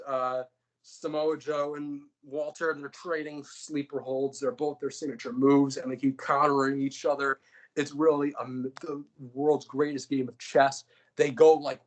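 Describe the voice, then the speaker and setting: A man's voice: medium pitch, rough recording. A young man, a podcast co-host, casually recapping fantasy-booked wrestling matches, rambling and joking with lots of fillers.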